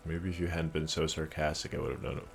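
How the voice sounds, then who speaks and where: Deep-voiced wry male streamer. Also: completely flat delivery, fast talker, gravelly, faint music behind. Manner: wry, joking, reads lines in character. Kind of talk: reading game dialogue aloud with casual chat.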